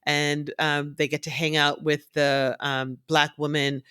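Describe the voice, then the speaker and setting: Animated woman telling stories, dry sound. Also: deep voice, a little slow, smooth, no room sound. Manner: animated storyteller who acts out others' voices. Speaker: guest, nonprofit founder. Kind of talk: conversational interview storytelling.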